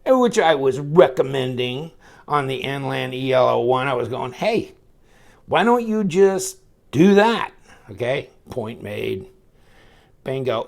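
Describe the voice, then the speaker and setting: A man casually reviewing a folding knife, rambling and excitable as he talks to viewers while handling it. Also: medium pitch, vocal fry.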